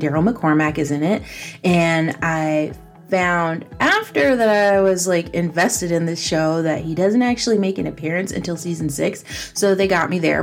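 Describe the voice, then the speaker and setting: Lady podcaster rambling casually, kinda low voice, giggly and self-deprecating. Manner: chatty and self-mocking, laughs often, lively pitch jumps. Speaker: podcast host. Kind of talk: casual solo podcast chat.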